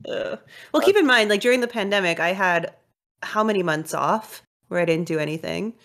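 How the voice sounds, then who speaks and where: A woman's voice: medium pitch, expressive, brisk, fairly bright tone. A woman chatting casually on a podcast, laughing often and swearing casually. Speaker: podcast co-host. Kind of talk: casual chat.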